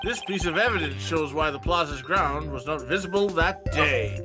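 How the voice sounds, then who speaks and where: Guy reading as a determined young lawyer, kinda high voice, slow careful lines, music in the back. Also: expressive, close to an everyday voice. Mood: earnest. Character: earnest young male defense lawyer, dogged and sharp. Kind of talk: voicing game dialogue with friends. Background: game music.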